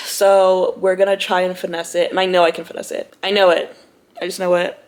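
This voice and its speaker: A woman's voice: fairly low pitch, level tone, normal speed. A young woman vlogging from home, talking heartfelt and close to tears, with lots of "like" and "you know", then chatty, calling viewers "y'all" and "girl". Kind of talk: emotional personal vlog talk to camera.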